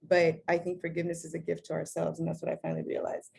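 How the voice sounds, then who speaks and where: A woman's voice: sits low, monotone, fast, creaky, darkish tone, a little hiss or hum. A middle-aged woman talking candidly as an interview guest, swearing casually and acting out her own past words. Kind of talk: casual conversation.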